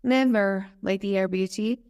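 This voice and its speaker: A woman's voice: mid-range voice, measured pace, a little mellow, clear, resonant tone, no echo, studio quality, lightly acted. A woman voicing a frightened, pleading old father in a storybook. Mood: firm.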